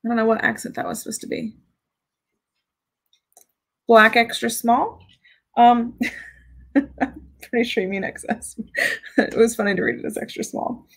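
A woman's voice: a little high, steady tone, a little slow, gravelly, pauses often, rough recording. A woman chatting casually on a live stream as she reviews fragrances, giggling and reading out viewer comments. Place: home with dogs.

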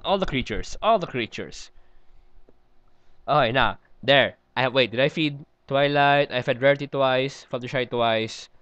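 A man's voice: mid-range voice, fairly bright tone, clean tone, no room sound, dull audio. A man hosting a let's play, rambling and giggling through casual gameplay commentary as he talks to himself.

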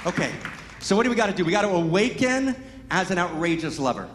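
A man giving an impassioned spiritual talk at a Sunday service, emphatic, constantly asking "right?" and swinging between loud exclaims and hushed, intimate lines. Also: high-pitched, sing-song, fast, a loud crowd, heavy background noise. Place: large hall at a live Sunday service. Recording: echoey hall with long reverb.

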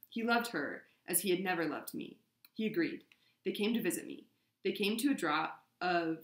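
A woman reading the confession of a drugged young man in a flat, expressionless voice. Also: fairly low pitch, lightly acted. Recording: roomy echo.

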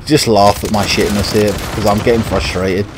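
Loud in-game gunfire and explosions crowd the background as a British gaming channel host rants and swears in frustration about his own play. He speaks in a steady, lowish voice at a moderate pace, and the background is noisy.

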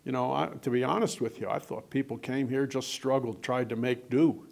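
Older guy with a gravelly voice, chatty author spinning stories, lots of restarts. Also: medium pitch, fairly even intonation, fairly quick, a little mellow. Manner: chatty, anecdotal, frequent restarts and quoted dialogue. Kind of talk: casual storytelling in conversation.

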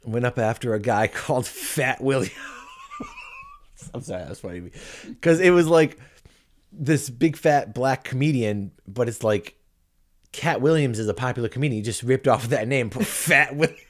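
A man's voice: medium pitch, wildly swooping pitch, moderate pace. A man hosting a casual podcast chat, joking and laughing at his own lines. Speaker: podcast host.

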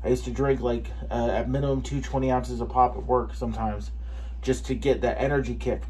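A man reviewing a pre-workout supplement in a casual taste-test vlog, excitable and swearing for emphasis. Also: mid-range voice, a little fast. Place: home gym.

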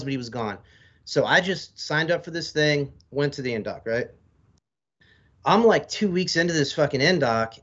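Male, 40s, podcast guest, rambling swearing storyteller, middle pitch, lo-fi mic. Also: fairly bright tone. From United States. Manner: profane, rambling, laid-back storyteller. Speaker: podcast guest, military veteran. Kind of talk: casual storytelling in an interview. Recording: slightly dull lo-fi audio.

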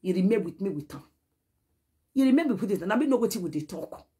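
A Nigerian social media personality talks to the camera in a heated message, switching between scolding and pleading and mixing Pidgin with a local language. Her medium-pitched voice is expressive and dark-toned, a little rough, and she speaks fast.

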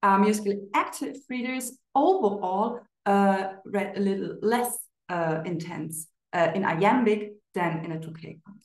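A woman giving an academic conference presentation of research results, measured and paused with frequent fillers. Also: medium pitch. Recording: roomy echo.

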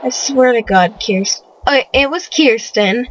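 A woman's voice: a little high, a little slow, few pauses, low-quality recording. A young woman hosting a casual let's play, commenting on her game, often exasperated and cursing at the characters she controls. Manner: exasperated, swears a lot, scolds the game characters. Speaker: gaming channel host.

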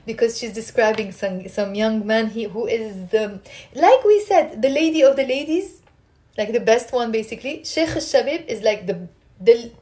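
A woman teaching a live online Arabic lesson, animated and repeating phrases slowly for learners. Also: on the high side.

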